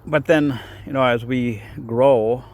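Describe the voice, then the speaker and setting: A man's voice: mid-range voice, slow pace, a little mellow. A man giving a casual devotional talk outdoors in the cold. His voice is a bit shaky from the cold, and he rambles with lots of fillers. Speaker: faith vlogger.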